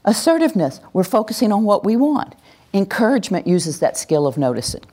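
A woman's voice: mid-range voice, fairly quick. A woman presenter giving an interactive teaching talk to a live group in a room, acting out cheering voices as she talks. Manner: animated, acts out cheering voices. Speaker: workshop presenter.

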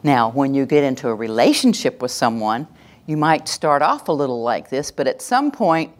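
Workshop presenter: a woman with a low voice who acts out phrases and leads call-and-response. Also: very animated, normal speed. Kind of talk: live workshop talk to an audience.

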